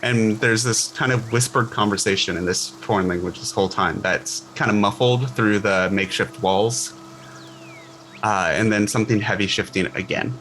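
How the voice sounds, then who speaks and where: Male game master, bright voice, relaxed descriptive narration, home stream mic, a faint hiss behind. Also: on the low side, moderate pace. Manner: relaxed, descriptive, laughs often. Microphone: home microphone on a live stream.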